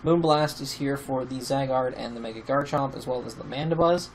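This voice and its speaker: A man casually talking through a game team he has built, rambling with many pauses and fillers, and sounding sleepy. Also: medium pitch, a little hiss or hum, poor audio. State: sleepy, yawning. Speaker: YouTube team-building host. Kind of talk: casual commentary over gameplay.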